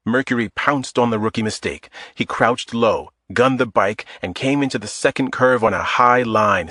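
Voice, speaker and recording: Low-voiced male thriller narrator. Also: fairly bright tone, slightly rough, no room sound. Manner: measured, dramatic storytelling. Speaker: audiobook narrator. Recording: dry close studio sound.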